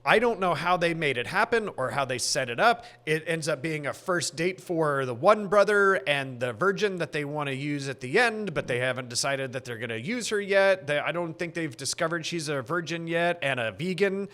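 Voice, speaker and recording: A man's voice: a little high, lively intonation, moderate pace, hardly any pauses, fairly bright tone. A man co-hosting a podcast, chatting casually and animatedly about a movie, rambling and laughing often. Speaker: podcast co-host.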